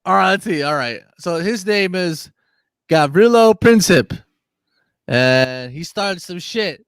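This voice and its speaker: A man's voice: sits high, animated, takes it slowly, clean tone, dry recording. A man co-hosting a casual show, reading a list aloud and laughing often. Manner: reads out a list, laughing a lot. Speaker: co-host.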